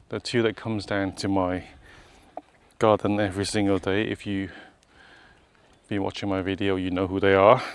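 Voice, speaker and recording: A man's voice: on the low side, clear, resonant tone. A man vlogging outdoors on a rural hillside road, chatting casually and pointing things out to his viewers as he walks. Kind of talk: casual walking tour narration.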